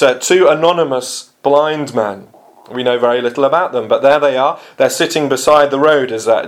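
A man preaching a sermon, earnest and measured, with frequent ums and uhs. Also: medium pitch.

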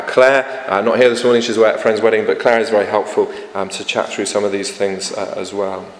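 Vicar giving a sermon, earnest and chatty, lots of ums, big echoey church hall. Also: male voice, fairly low pitch. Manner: earnest, conversational preaching with frequent fillers and restarts.

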